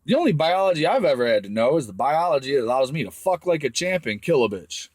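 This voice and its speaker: A man on a crude, swear-heavy rant, his pitch swinging up and down as he talks. The voice is fairly high for a man and sounds dry and close, with no room echo. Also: big pitch swings, fast. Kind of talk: profane rant to camera.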